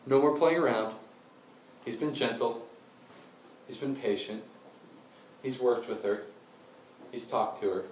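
A man preaching a sermon, telling a Bible story with lively acted-out voices and then slowing into quiet, intense appeals. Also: mid-range voice, slight background noise. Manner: animated storytelling, acting out quotes, dropping to quiet intensity. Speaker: pastor. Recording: roomy and distant with faint ambience.

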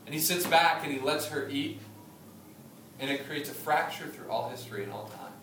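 A man in his thirties preaching a sermon, chatty and humorous, telling stories with lively asides. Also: a little high, normal speed, a little hiss or hum. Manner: conversational preaching, humorous asides, animated storytelling. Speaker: pastor. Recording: echoey room from a distance.

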